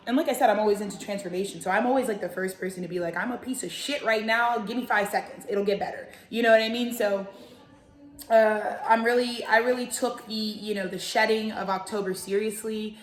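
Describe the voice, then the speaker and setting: Profane, rambling woman in an echoey room. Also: medium pitch. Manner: profane, animated, jokey asides. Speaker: tarot reader and channel host. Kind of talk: casual rambling monologue.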